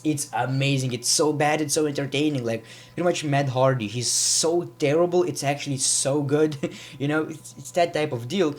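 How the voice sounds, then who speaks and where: A man's voice: mid-range voice, darkish tone. A man giving a casual, rambling wrestling review, with frequent restarts and repeated words. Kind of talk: casual vlog commentary.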